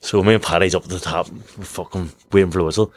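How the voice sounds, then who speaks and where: A man tells sweary, laughing stories in casual chat. His voice sits on the low side. The sound is close and dry. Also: fairly even intonation, fast, no echo. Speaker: guest boxer.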